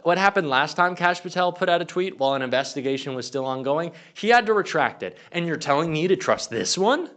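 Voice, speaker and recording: A man's voice: a little high, a bit bright. Furious young man ranting politics. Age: young adult. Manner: angry, profane ranting. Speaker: political commentator. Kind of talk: online political commentary rant.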